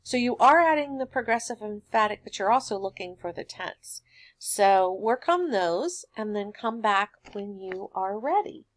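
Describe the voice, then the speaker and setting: A woman teacher walks students through a recorded grammar lesson. Her voice sits at an ordinary middle pitch, and she explains each answer patiently at an even classroom pace. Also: unhurried.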